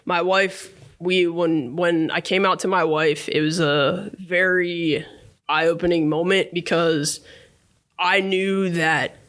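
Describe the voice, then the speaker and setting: A man in his thirties with a fairly high speaking voice shares his story as a podcast guest. He talks in a casual, reflective way, with lots of small fillers and tag questions. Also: steady tone, takes it slowly, a bit bright. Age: 30s.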